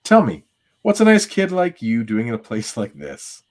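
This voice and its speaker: A man reading the lines of a calm adult woman telepath in a gentle, reassuring way, close to his own voice. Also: mid-range voice, moderate pace, pitched above the performer's own voice. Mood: sly.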